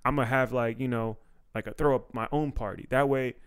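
A man's voice: mid-range voice, steady tone, brisk, clear, resonant tone. A man from Washington, D.C. hosting a podcast, telling stories in a laid-back, slangy way with plenty of swearing. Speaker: podcast host and comedian. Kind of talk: casual podcast chat.

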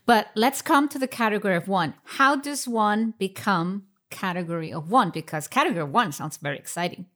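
A woman's voice: mid-range voice, lively intonation, a little fast, few pauses, fairly bright tone. A woman hosting a podcast, chatting casually, asking questions and chiming in. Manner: conversational, asks questions and chimes in. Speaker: podcast host.

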